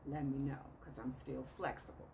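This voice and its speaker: A woman with a Chicago accent tells a dating story in a low voice, bringing both sides of the texts to life. She sits a little away from the mic, and a steady background noise runs under her talk. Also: moderate pace, vocal fry, far from the mic. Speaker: author telling a dating story. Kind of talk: casual storytelling.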